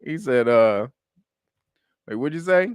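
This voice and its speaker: A man hosting a casual commentary show, rambling and profane, who corrects himself often and breaks into loud laughter. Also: medium pitch, expressive, slow, smooth, no room sound, clean studio sound. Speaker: show host.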